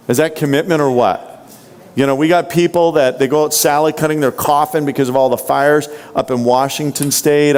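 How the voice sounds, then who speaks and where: A man's voice: mid-range voice, darkish tone, clean tone. A man giving a motivational sales training talk, punchy and full of rhetorical questions to the audience. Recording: long hall reverb.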